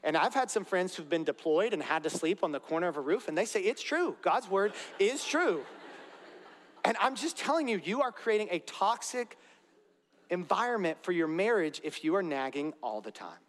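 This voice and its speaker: Preaching in a church sanctuary, this man speaks briskly in a high, expressive voice. He is earnest and direct as pastor, tossing in conversational asides to the congregation. Long reverb from the big hall hangs on every line.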